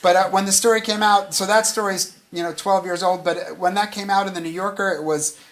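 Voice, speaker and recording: A man's voice: sits high, steady tone, a little fast, a bit bright. A man, an author talking on stage at a literary event, who rambles, restarts his sentences and chuckles as he goes. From United States. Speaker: author being interviewed. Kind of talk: casual onstage talk.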